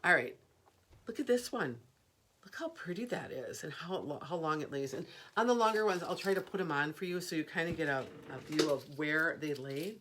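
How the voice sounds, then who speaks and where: Low-voiced woman hosting a live jewelry sale. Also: animated, fairly bright tone, slight background noise. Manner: chatty and rambling, quick to laugh. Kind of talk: live shopping stream chat.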